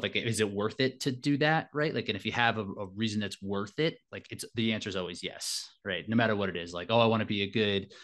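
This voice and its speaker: A man's voice: fairly low pitch, a bit bright. A man being interviewed as an elite fitness racer and coach, reflective in manner and often adding "like" and "right?" as he talks. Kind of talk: casual interview talk.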